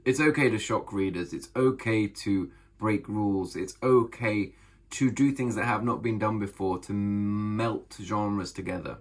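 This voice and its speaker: A man, an author, talking casually to camera about bold storytelling, enthusiastic and emphatic, with a gravelly, husky voice. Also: lowish voice, measured pace. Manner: enthusiastic, emphatic, repeats phrases. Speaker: author and vlogger.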